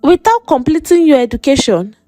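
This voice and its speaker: A woman's voice: high-pitched, lively intonation, brisk, dark tone, no echo, soft background music, voice pushed up. A woman with a Nigerian accent voicing a stern, churchgoing widowed mother who scolds in a mocking, sermon-like way. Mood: interrogating.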